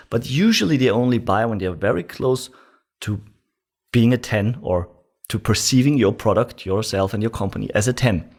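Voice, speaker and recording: A man teaching an online sales course, coaching the viewer directly and acting out the tone of lines he wants them to say. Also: lowish voice. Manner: animated coaching, demonstrating tonality in quoted lines; addresses viewer directly with instructions. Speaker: sales trainer.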